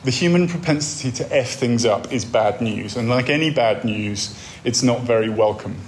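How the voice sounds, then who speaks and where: A man's voice: mid-range voice, moderate pace, a little hiss or hum. A man giving a wry, conversational talk on a faith course, telling stories to make his points. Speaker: course speaker.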